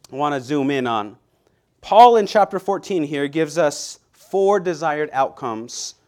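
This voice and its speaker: A man preaching a Sunday sermon in an earnest, conversational way, with frequent restarts and slow, deliberate scripture reading. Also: fairly high pitch. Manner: reads scripture aloud slowly and deliberately.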